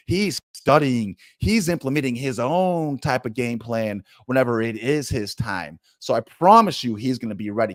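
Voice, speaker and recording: A man's voice: mid-range voice, no echo. A man giving emphatic, opinionated sports commentary straight to his audience, talking bluntly and with plenty of energy.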